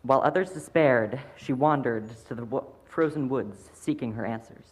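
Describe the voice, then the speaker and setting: A man reading a story aloud at a congregational service, gentle with small slips and restarts. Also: mid-range voice, normal speed. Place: fellowship sanctuary. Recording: roomy hall with faint noise.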